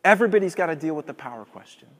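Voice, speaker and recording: A man with a high voice preaches a sermon in a church hall. His voice rises to loud emphatic peaks, then falls to soft, low passages. A long reverb trails behind every phrase. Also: expressive, racing. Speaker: pastor.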